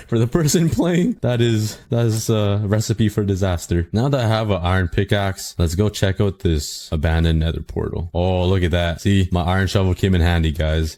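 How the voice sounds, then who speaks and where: A man giving casual, excitable gameplay commentary, joking at his own expense and talking straight to his viewers. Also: low-pitched. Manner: excitable, self-mocking, talks to viewers. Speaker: gaming channel host.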